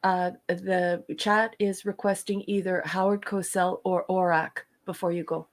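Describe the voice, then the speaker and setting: A woman's voice: fairly low pitch, little pitch movement, unhurried. Eager, self-mocking female co-host. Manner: enthusiastic, self-deprecating, reads out chat requests. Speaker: podcast co-host. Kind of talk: casual chat.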